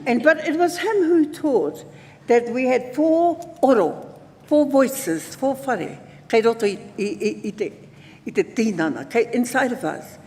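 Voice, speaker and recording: A man in his seventies with a New Zealand accent addresses a conference as a lively storyteller, his voice sitting very high. He moves easily between stories and Māori words. A long reverb trails each phrase, as in a large conference hall. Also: unhurried. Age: 70s. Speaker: conference speaker.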